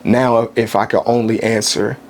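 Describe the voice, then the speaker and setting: Candid, soft-spoken man telling a story. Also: fairly low pitch, level tone, slight background noise. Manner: soft-spoken, candid, halting with many restarts. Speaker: podcast guest. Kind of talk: casual chat, personal storytelling.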